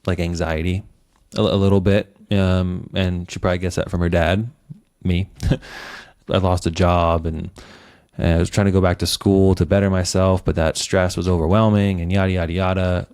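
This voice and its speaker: Deep-voiced man, reflective and hesitant. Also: level tone, moderate pace, darkish tone, clean tone. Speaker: podcast host. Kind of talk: casual interview chat.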